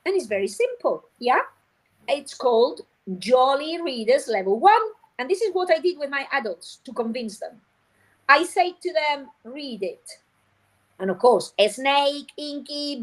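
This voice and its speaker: A woman phonics teacher trainer, a guest on a show, explaining her methods in a lively way and acting out classroom scenes. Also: high-pitched, low-quality recording. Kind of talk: animated teaching talk.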